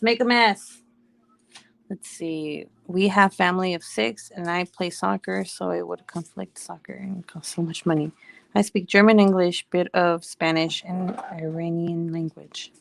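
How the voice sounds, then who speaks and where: A woman's voice: on the low side, creaky, slight background noise. A woman in her thirties, a mom at home in Hawaii, chatting casually, laughing often and humming little tunes. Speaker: vlogger. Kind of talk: casual chat while working.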